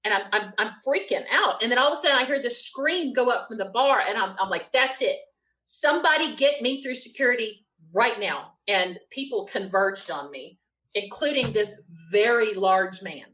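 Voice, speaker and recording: A woman, a guest telling an animated story with quick bursts and frequent laughter. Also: mid-range voice, rough recording. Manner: lively, quick storyteller who laughs often. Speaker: interview guest.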